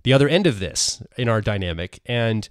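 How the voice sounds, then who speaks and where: Podcast co-host, male, lowish voice, dry close mic, thinks aloud with restarts. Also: lively intonation, brisk, dry recording. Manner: talks through ideas with frequent restarts. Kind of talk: conversational podcast explanation.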